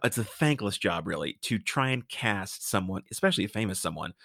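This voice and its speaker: A man co-hosting a podcast, chatting casually about movies, animated and swearing freely. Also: fairly low pitch, a little fast, vocal fry, no room sound, studio quality. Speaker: podcast co-host.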